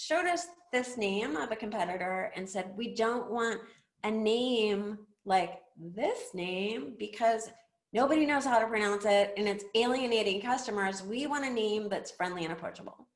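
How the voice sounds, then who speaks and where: Woman, middle-aged, chatty webinar talk, asks lots of questions, echoey room. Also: medium pitch. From United States. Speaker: webinar presenter. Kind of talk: presentation talk.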